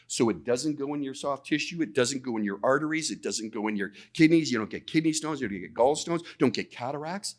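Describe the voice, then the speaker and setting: A man gives a storytelling talk at a conference, lively and informal. His voice sits in a middle pitch, and he doubles up on words as he talks. He slips into acted-out dialogue as he tells the story. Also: brisk, hardly any pauses. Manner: animated, repeats words, acts out quoted dialogue. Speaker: conference speaker. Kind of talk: storytelling presentation.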